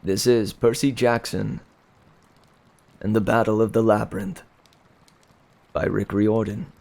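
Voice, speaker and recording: A man reading a novel aloud in plain, unhurried storytelling. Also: fairly low pitch, steady tone, gravelly, a little mellow. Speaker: reader.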